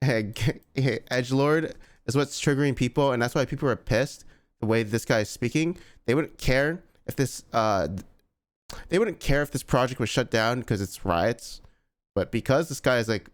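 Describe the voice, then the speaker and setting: A man's voice: mid-range voice, smooth. A man giving casual, blunt reaction commentary as a gaming YouTuber, with lots of "like" and exasperated asides.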